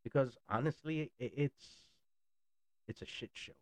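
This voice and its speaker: A man's voice: medium pitch, a little slow, a little mellow. A man in a blunt, sarcastic ranting monologue who swears freely. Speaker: political commentator.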